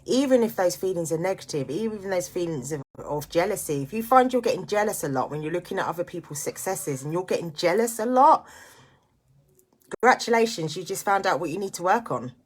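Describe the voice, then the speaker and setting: Low-voiced earnest woman vlogging. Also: lively intonation, a little fast, slightly rough. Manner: earnest, reflective, motivational. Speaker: vlogger and single parent. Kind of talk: candid personal vlog monologue.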